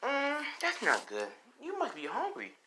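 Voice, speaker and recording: Man doing a yandere teen girl, high-pitched, sing-song, mocking, sadistic, fan story. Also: wildly swooping pitch, unhurried, pushed and bright, a little hiss or hum, full character voice. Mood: teasing.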